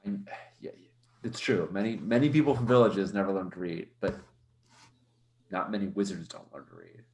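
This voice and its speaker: A man with a very low voice narrating his character in a tabletop game, rambling and hesitant as he goes. His voice echoes in the room around him. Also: moderate pace, darkish tone, slight background noise. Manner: rambling, hesitant, many fillers. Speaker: player.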